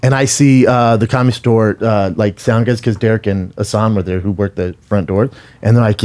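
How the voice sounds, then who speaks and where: A man co-hosting a podcast, telling a story in relaxed casual chat with slang and lots of fillers. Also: lowish voice, brisk. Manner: laid-back, slangy storytelling full of fillers like "like" and "uh". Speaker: podcast co-host. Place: podcast studio.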